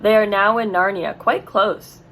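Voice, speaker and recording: A woman's voice: medium pitch, fairly even intonation, unhurried, fairly bright tone, a little hiss or hum, poor audio. A woman voicing a frightened young boy who pleads and stammers, in a read-aloud storybook. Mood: trembling.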